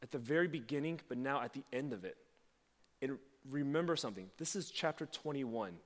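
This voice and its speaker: A preacher in a reverberant hall. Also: male voice, mid-range voice, brisk. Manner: animated, acts out quoted voices, talks to the congregation. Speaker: pastor. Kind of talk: sermon. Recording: long reverb of a large hall.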